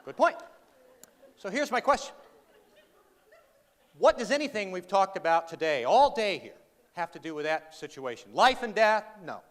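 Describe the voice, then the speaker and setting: A man with a high, somewhat bright voice tells a funny personal story to a live audience in a big hall, his pitch swinging widely at a moderate pace with long pauses. He's sarcastic and self-deprecating, quizzing listeners as he goes. The hall is reverberant, with faint background ambience.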